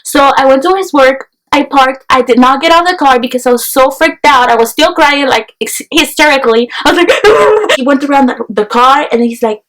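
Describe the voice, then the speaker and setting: Young woman vlogger, high voice, chatty storytelling full of "like". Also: brisk, low-quality recording. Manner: chatty, peppered with "like", animated retelling. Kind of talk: casual storytelling vlog.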